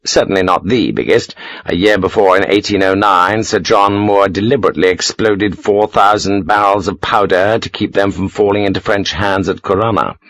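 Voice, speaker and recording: A man narrating an audiobook in an expressive, animated way. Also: lowish voice, normal speed, no room sound.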